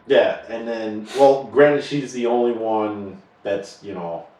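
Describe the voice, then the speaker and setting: Halting man in an echoey room. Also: on the low side, warm tone. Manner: halting, many fillers and restarts, laughs often. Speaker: podcast co-host. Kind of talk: casual chat. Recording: echoey room, far from the mic.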